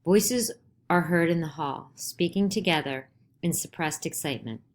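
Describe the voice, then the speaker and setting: A woman reading the stage directions of a play aloud in a plain, measured way. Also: deep voice. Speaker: audiobook reader.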